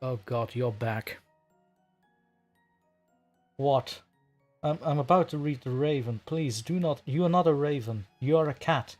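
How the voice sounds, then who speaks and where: A man in a casual livestream chat, rambling and chatty and quick to laugh. His voice sits at an ordinary middle pitch, with faint music in the background. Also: darkish tone. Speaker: livestream host and story narrator.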